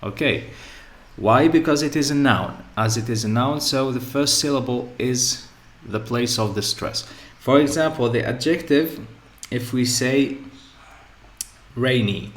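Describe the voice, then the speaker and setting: Male teacher, measured slow delivery, mid-pitched, repeats example words, echoey classroom sound. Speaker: English teacher. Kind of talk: grammar lesson. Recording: echoey room.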